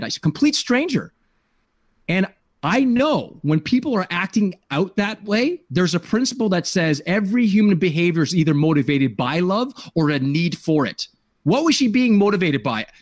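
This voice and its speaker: A man's voice: a little high, no room sound, clean studio sound. Earnest man telling a personal story. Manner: earnest, emotional, repeats words while searching for them. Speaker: podcast host.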